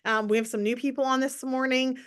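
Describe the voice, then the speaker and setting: A woman's voice: high voice, fairly even intonation, brisk, clean tone. A woman leading a live motivational morning call for her team, upbeat and enthusiastic, chatting to viewers and repeating key points for emphasis. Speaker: network marketing team leader.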